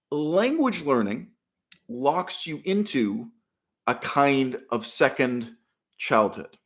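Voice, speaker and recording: A man of middle pitch holds forth in a solo commentary monologue, lecturing in an emphatic tone. He poses rhetorical questions and swings sharply from loud, stressed phrases to quiet ones. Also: expressive, slow. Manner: rises and drops sharply in loudness between phrases. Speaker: channel host.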